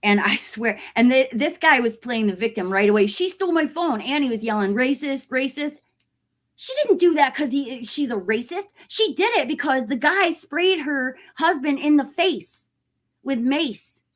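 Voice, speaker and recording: Woman, forties, casual vlog chat, animated storyteller, fairly high voice. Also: normal speed. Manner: animated, acts out quoted voices. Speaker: horror YouTuber.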